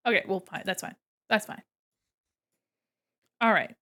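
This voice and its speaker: A woman art streamer chats casually with her viewers while drawing, thinking aloud as she works from a room at home beside a window. Her voice is medium in pitch, unhurried and bright, with a forceful tone.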